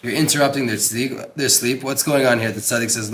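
Here a religious teacher leads a Torah class, reading aloud and translating with Hebrew words mixed in. He speaks at medium pitch, slightly quickly, with a somewhat bright tone and a faint hiss or hum behind him. Earnest and emphatic, he repeats words to drive points home.

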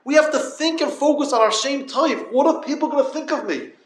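A man's voice: very high voice, fairly quick. A man giving a Torah talk to yeshiva students in yeshivish English, speaking straight to them and telling a story. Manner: storytelling, addresses listeners directly; Yiddish-inflected yeshivish English. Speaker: yeshiva lecturer. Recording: echoey room.

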